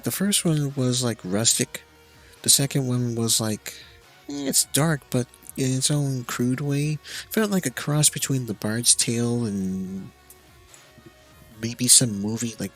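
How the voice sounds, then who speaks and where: A man's voice: medium pitch, a little slow, faint music behind. A young man streaming a game, rambling in a casual, profane, jokey way. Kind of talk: casual live-stream chat while gaming.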